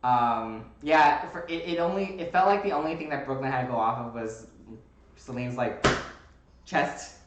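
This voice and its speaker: A man hosting a casual chat, rambling with lots of fillers and getting animated when he makes a point. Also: mid-range voice, moderate pace, roomy sound, muffled recording. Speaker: host.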